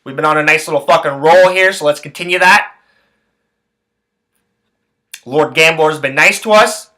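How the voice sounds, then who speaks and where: A man on his own sports podcast rants with fury, swearing constantly and hammering the same phrases over and over. His voice sits a bit high for a man and comes out bright and tense. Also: brisk. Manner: angry, heavy swearing, repeats phrases. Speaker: podcast host. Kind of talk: profane sports rant.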